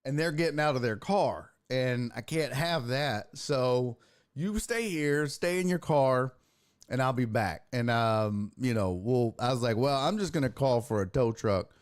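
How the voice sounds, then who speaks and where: Speaking at a measured pace with a medium-pitched voice, this sports talk show host tells a long, meandering, profane anecdote on his stream. His tone is casual, and he livens it up with impressions.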